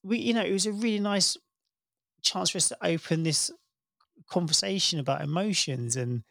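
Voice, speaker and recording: A man in his thirties with a gravelly, slightly raised voice, telling a family story in easy conversation. His delivery is warm and animated, and he jumps up in pitch whenever he quotes his kids. The sound is close and dry. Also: normal speed, no echo. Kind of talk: casual chat.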